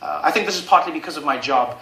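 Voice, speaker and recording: A young South African man doing stand-up on a late-night show, animated and slipping into character voices. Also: fast. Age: 20s. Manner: animated, jumps into high-pitched character voices for quoted people. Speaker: stand-up comedian. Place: television studio stage. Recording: echoey studio with audience noise.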